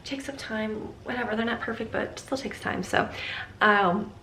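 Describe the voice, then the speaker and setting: A woman's voice: fairly high pitch, normal speed, bright, forceful tone. A middle-aged woman vlogging from her home in a chatty, rambling way, laughing often. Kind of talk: casual chat. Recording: echoey room with faint ambient noise.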